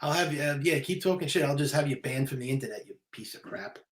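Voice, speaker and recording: A man's voice: fairly high pitch, fast. A man from New York with a New York accent, hosting a live stream with brash, insulting banter.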